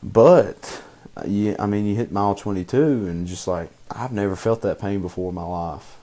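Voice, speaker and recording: Young man, podcast co-host, casual chat, rambling with fillers, deep voice. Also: moderate pace, warm tone. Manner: rambling, many fillers and restarts.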